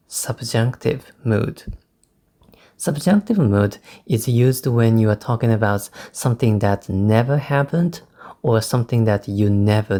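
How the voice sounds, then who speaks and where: A Japanese man, speaking English as a second language, teaching exam speaking skills with slow, careful repetition. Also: on the low side, darkish tone. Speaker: English test tutor. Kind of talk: spoken-English lesson with sample answers.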